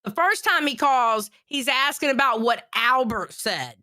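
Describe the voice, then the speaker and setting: A woman co-hosts a casual live stream, talking bluntly and cursing as she makes her points. Her voice sits very high and sounds bright and sharp. Her pitch moves around a lot. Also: animated, unhurried, no echo, clean studio sound. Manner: blunt and emphatic, swears freely. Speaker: stream co-host. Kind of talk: casual drama-commentary chat.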